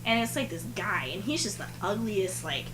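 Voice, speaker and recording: A young woman in her twenties, a podcast co-host, telling a story in animated casual chat full of "like". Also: medium pitch, moderate pace, background noise.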